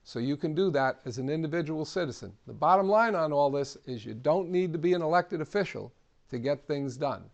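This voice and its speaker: Guy teaching a civics class, slightly high voice, practical no-nonsense tips. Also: lively intonation, fairly quick, creaky, highs cut off. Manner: plainspoken, practical, encouraging. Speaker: civic trainer. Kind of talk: instructional talk.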